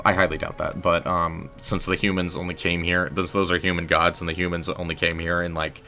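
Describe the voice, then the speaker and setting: A man's voice: low-pitched, level tone, fairly quick, few pauses, sharp tone. A young man casually commenting on his gameplay, chatting with viewers and joking at his own expense. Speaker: livestreamer and writer.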